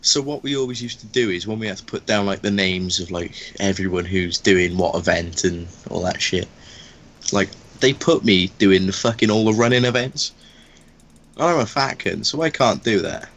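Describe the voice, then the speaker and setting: Brief: young man, very low voice, sweary anecdote-teller, faint hiss behind. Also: moderate pace, a bit bright. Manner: profane storytelling banter. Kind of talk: casual chat while gaming.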